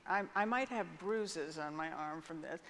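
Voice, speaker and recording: With a deep, slightly bright voice at normal speed, an older woman shares a personal story as an interview guest on a large conference stage. She's frank and vivid, though she restarts hesitantly. The hall adds long reverb, and there's faint noise.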